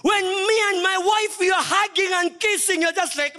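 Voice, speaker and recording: A man preaching a sermon as pastor, swinging from loud shouts to quiet, low lines. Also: moderate pace, soft background music. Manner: preaching with sudden shouts and soft drops. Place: church.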